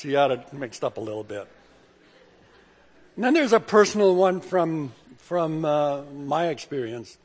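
An older male pastor preaches a sermon full of humorous stories, with a folksy, chuckling, joke-telling manner and a measured pace. His voice is a bit high for a man, and it rings with a long hall reverb like a church sanctuary.

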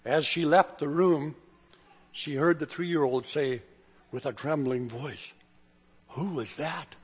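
A man's voice: a little high, fairly even intonation, takes it slowly, a little hiss or hum. Folksy older male preacher, ringing hall. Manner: folksy, chuckling storyteller. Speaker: pastor. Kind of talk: sermon with humorous stories.

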